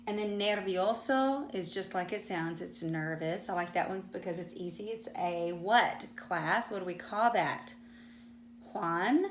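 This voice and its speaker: A woman's voice: lowish voice, a little slow. Patient Southern woman teaching a class. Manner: patient, explanatory, asks the class questions. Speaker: Spanish teacher. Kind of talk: classroom lesson to students. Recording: echoey room with faint hum.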